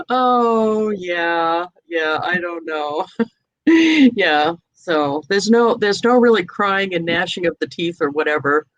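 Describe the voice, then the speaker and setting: A woman's voice: on the low side, lively intonation, slow, dry recording, dull audio. A woman from New England hosting a casual video chat, telling anecdotes and laughing often. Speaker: host.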